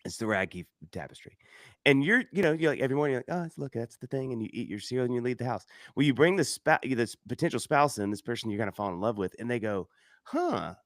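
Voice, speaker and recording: A man chatting casually as a host, spinning a story with plenty of laughter and jumping into higher voices whenever he quotes someone. The sound is dry and close, with no room around it. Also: fast, dry recording. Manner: animated storyteller, acts out quotes in raised voices, laughs often. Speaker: podcast host. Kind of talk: casual conversation.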